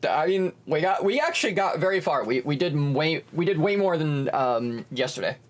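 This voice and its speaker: A young man casually chatting as co-host of a stream, animated, with bursts of silly voices. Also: on the high side, normal speed.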